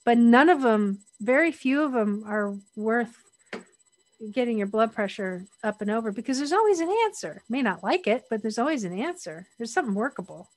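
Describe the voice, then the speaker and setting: A woman's voice: on the high side, animated, normal speed, a little mellow. A middle-aged woman speaking as an interview guest, candid and reflective, often restarting her sentences.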